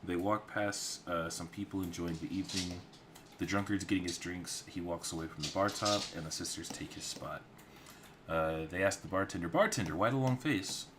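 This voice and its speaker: A man's voice: low voice, fairly even intonation, normal speed, noisy background. A man streaming his storyboard work, narrating in a casual, rambling way with some swearing.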